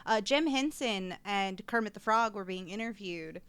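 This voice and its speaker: A woman co-hosting a podcast, chatting casually and gushing excitedly about films. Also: mid-range voice, normal speed, clean tone, no room sound. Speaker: podcast co-host. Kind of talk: casual chat.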